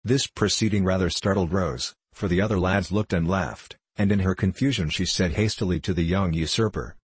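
A man narrating a classic novel in a measured storytelling manner. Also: sits low, slightly rough, no echo. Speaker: audiobook narrator.

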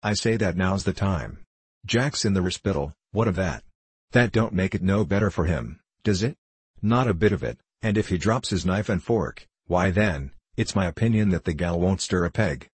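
A man's voice: sits low, lively intonation, moderate pace, slightly rough, no room sound. A man reading a sly male convict who speaks in elegant slang and mocks his mates. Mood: mocking. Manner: sardonic, condescending.

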